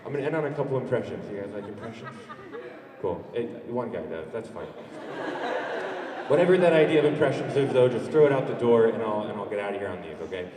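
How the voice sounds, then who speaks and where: A man's voice: mid-range voice, animated, quick pace. A male stand-up comedian performing a live set in a warehouse, playfully teasing the audience. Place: warehouse venue. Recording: echoey warehouse, far mic, loud crowd.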